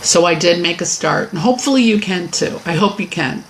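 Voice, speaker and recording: A woman's voice: lowish voice, lively intonation, fairly quick, slight background noise, poor audio. A middle-aged woman teaching a Christian weight-loss lesson, speaking candidly and encouragingly about her own progress. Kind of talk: personal faith-based lesson.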